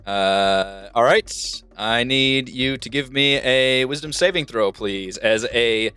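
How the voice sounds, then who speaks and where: A man's voice: mid-range voice, takes it slowly, bright, forceful tone, smooth. A man narrating as the dungeon master of an online tabletop game, playful and laughing at his own slips. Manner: laughing, self-correcting, playful. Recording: dry mic with faint music.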